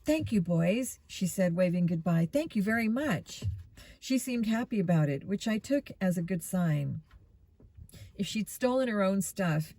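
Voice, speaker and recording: A woman reading a children's mystery book aloud in a steady storytelling manner. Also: on the low side. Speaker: reader.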